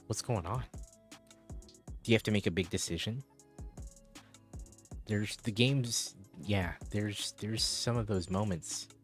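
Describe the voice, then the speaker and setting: A man's voice: lowish voice, takes it slowly, pauses often, faint music behind. A man chatting casually on a live stream, rambling as he answers viewers' chat.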